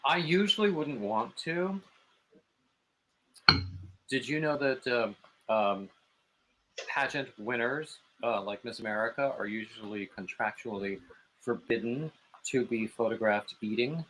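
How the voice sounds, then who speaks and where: A man's voice: mid-range voice, unhurried, long pauses, a bit bright, a little hiss or hum, rough recording. A man chatting as a guest on a live stream, with dry, joking banter. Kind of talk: casual chat on a live game stream.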